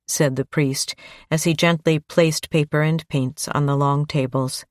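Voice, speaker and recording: A woman narrating a crime audiobook in a steady, measured read on a close mic. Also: low-pitched, dry recording. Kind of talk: scripted narration.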